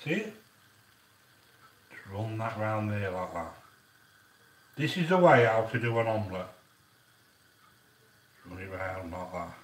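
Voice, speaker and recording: A man's voice: on the low side, lively intonation, unhurried, long pauses, distant mic. Chatty man cooking, roomy echo. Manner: chatty, rambling asides between instructions. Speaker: home cook. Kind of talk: casual cooking demonstration. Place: home kitchen.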